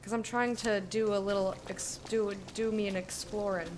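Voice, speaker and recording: A woman's voice: medium pitch, fairly even intonation, moderate pace, background noise. A young woman casually commenting on her gameplay, chatty, swearing and humming along. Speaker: gamer streamer. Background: game music.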